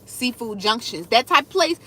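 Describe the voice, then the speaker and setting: A woman's voice: a little high, normal speed, breathy edge. A young woman, chatting casually with her viewers on a livestream as a food content creator. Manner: animated, talks straight to viewers, reads out comments.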